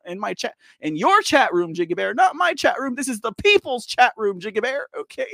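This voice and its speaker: Lively high-voiced male livestream host. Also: brisk, creaky, no room sound, clean studio sound. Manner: animated, laughing, teasing, talks straight to viewers. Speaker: host of a political news livestream. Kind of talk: casual livestream commentary talking to the chat.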